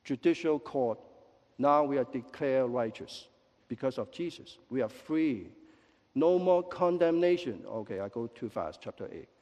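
A male pastor delivering a lively sermon with joking asides and quick apologies, in a church sanctuary. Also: medium pitch. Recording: long echo of a large hall.

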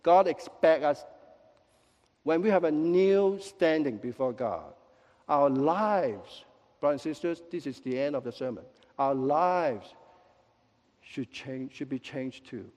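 Man preaching in an echoey hall. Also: on the high side. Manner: lively, with joking asides and quick apologies. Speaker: pastor. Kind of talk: sermon. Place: church sanctuary. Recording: long echo of a large hall.

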